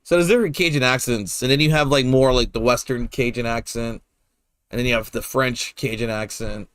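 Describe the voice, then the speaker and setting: A man's voice: mid-range voice, steady tone, fairly quick, a bit bright, clear, resonant tone, dry recording. A man casually commenting while playing a video game, rambling and laid-back with lots of fillers and the odd swear word. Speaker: gameplay streamer.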